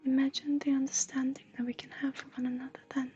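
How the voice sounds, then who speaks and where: A woman from Sweden, a streamer and intuitive counselor chatting softly with viewers, often slipping into a breathy whisper. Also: high voice, little pitch movement, fast talker, lo-fi sound, faint music behind. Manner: soft, often drifting into a breathy whisper, laughs often. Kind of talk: live stream chat with viewers.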